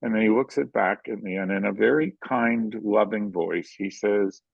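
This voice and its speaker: An older man, a filmmaker, telling animated stories in an interview and acting out the quotes. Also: fairly low pitch, moderate pace, creaky, few pauses, dry recording, dull audio. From Canada. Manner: animated anecdotal storytelling, acts out quotes. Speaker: guest filmmaker. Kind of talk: storytelling in a conversational interview.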